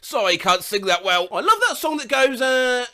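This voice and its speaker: A man's voice: extremely high pitch, normal speed. A young man narrating a comedy video, reading out posts and singing silly snippets of tunes. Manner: reads out posts in lively voices, sings silly tunes.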